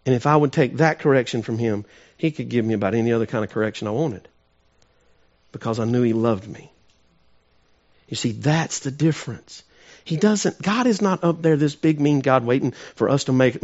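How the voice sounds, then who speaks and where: A man with a noticeably high voice preaching to his congregation. He builds to loud, emphatic peaks, then drops to soft, close asides. He often asks the church direct questions. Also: expressive, moderate pace, pauses often, muffled recording. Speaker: pastor. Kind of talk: sermon.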